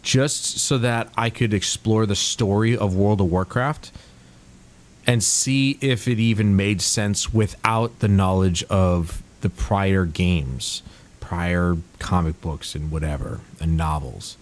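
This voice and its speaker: A man's voice: deep voice, takes it slowly. A man streaming a video game, chatting casually and thinking aloud about the story and quests. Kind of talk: casual gameplay commentary.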